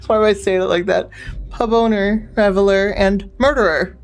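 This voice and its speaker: A woman's voice: medium pitch, slow, faint music behind. A woman streamer giving playful, giggly commentary while playing a game. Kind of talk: casual gaming commentary.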